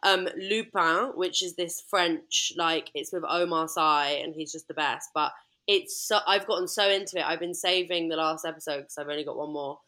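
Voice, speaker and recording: A woman's voice: low-pitched, steady tone, normal speed, bright, forceful tone. A young woman, co-hosting a podcast and enthusiastically retelling scenes in casual chat. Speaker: podcast co-host.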